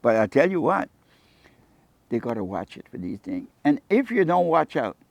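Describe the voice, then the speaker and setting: At a moderate pace, with a mid-range, creaky voice and no room sound, an older man from Cayman Brac in the Cayman Islands recounts rambling stories in an interview. He's a fisherman and jewelry maker and an animated teller who voices the dialogue.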